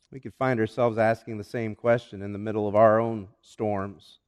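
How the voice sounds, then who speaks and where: A man preaching a sermon as a pastor, with animated delivery that swings from loud calls to hushed lines. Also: mid-range voice, normal speed, few pauses, smooth. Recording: long hall reverb.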